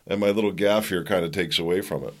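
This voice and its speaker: A man's voice: low voice, quick pace. A man hosting his own podcast, giving casual solo commentary full of sarcastic asides and jokes. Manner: sarcastic, jokey, talks in asides. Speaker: podcast host.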